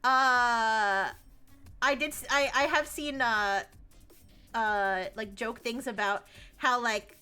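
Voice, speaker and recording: Young woman, high-pitched, bright voice, animated, laughing, rambling, casual stream chat, faint music behind. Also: normal speed. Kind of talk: casual live-stream chat reacting to news.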